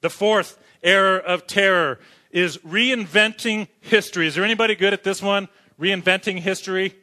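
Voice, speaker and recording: High, bright-voiced man preaching a sermon. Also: normal speed. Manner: asks the congregation questions, jokes as he talks. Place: church sanctuary.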